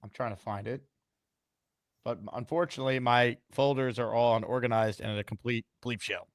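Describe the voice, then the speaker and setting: A man's voice: mid-range voice, steady tone, moderate pace, no room sound, clean studio sound. A man hosting a casual sports talk show, laid-back and wry, reading out viewer messages. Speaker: show host.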